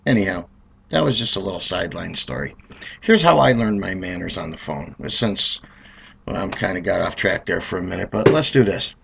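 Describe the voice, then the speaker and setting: Middle aged guy rambling thru funny stories, bright voice, all over the place pitch-wise. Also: normal speed, creaky, slight background noise. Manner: rambling, animated storyteller, acts out voices. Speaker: car dealer telling stories. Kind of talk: comedic monologue.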